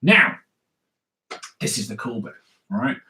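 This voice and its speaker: A man's voice: medium pitch, sing-song, measured pace, bright, forceful tone. A man leading a live drawing lesson for kids, upbeat and chatty, always checking in with "all right?". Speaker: comics drawing teacher. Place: indoors at home. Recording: roomy echo.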